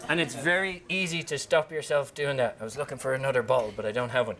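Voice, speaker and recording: A man with an Irish accent giving a comedic talk to an audience as a speaker and author, animated and joking, slipping into voices for quotes. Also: mid-range voice, quick pace, a faint crowd. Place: company talk room with a live audience.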